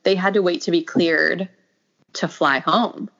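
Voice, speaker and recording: A woman's voice: measured pace, gravelly. A young adult woman telling a personal story in casual conversation, acting out quoted lines and laughing often. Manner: animated, acts out quoted lines with pitch jumps, laughs often. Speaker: podcast guest telling a birth story. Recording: dull lo-fi audio.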